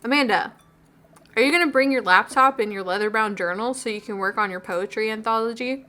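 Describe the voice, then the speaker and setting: A woman's voice: on the high side, a little fast, sharp tone. A woman playing a teasing teenage daughter.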